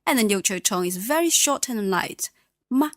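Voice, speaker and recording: A woman teaching a beginner language lesson on a podcast, patient and modelling words slowly. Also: mid-range voice, animated, dry recording, studio quality.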